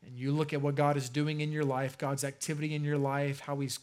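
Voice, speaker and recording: With a higher-leaning voice and a flat delivery, this pastor preaches a conversational sermon. He stresses crucial phrases by slowing dramatically, and his lines fade away quietly.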